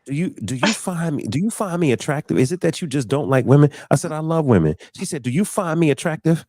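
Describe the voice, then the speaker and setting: A young man hosting a podcast, telling an animated story and acting out the voices in it. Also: on the high side, fast, no room sound, clean studio sound. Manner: acts out voices in his stories, preachy exclamations. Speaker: podcast host.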